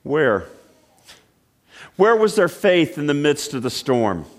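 A man preaching a sermon, telling stories and asking questions, swinging between loud exclaiming and hushed, quiet passages. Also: on the high side, very animated, slow pace. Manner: storytelling with repeated restarts and rhetorical questions. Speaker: pastor.

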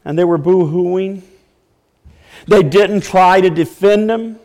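A man's voice: high-pitched, slow, warm tone, in a large hall. A man preaching a sermon as pastor, breaking into mock wailing when he acts out the crowd. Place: church.

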